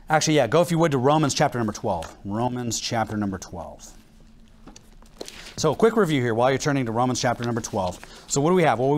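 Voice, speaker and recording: An American man preaching from the pulpit, his voice sitting a bit high and swinging widely up and down. He acts out little exchanges between people and often breaks into laughter between verses. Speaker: pastor. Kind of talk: sermon.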